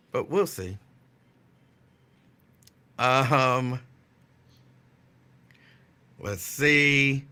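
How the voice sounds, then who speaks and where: A man with a bright, forceful mid-range voice hosts a casual talk stream. He chats loosely and digressively, answering viewer comments and repeating phrases for emphasis.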